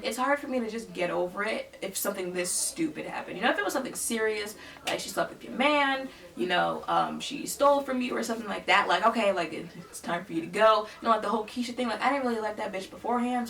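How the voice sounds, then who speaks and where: Gravelly, bright-voiced young woman storyteller. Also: mid-range voice, distant mic. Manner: blunt, emphatic, sassy. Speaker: vlogger. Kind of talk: casual storytelling.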